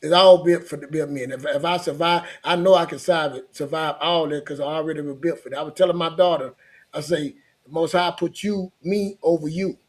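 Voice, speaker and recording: A man's voice: on the high side, steady tone, quick pace. A middle-aged man talking in a casual chat, earnest and rambling, often repeating himself.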